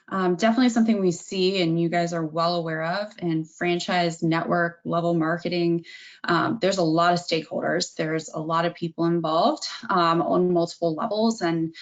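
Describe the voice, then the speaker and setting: Woman, lowish voice, measured webinar speaker, many ums. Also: dull audio. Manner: measured, filler-heavy with frequent ums. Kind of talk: business webinar discussion.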